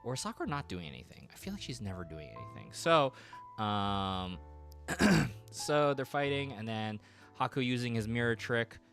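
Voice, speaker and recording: A man casually recapping a story while drawing on stream, rambling with many fillers and quick quoted voices. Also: mid-range voice, sing-song, fairly bright tone. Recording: faint music behind.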